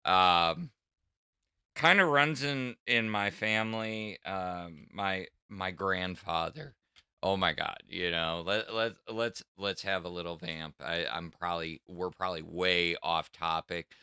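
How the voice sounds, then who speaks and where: A man's voice: sits low, slow pace, bright, forceful tone, smooth, dry recording, studio quality. A middle-aged man with a Southern US accent, chatting on a livestream and explaining technical things in a rambling way, full of restarts. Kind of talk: casual livestream chat.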